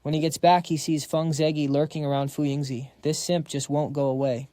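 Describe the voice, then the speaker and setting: A man narrating a comic recap in a slangy, brisk storytelling manner. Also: a little high, level tone, mellow, no room sound, studio quality.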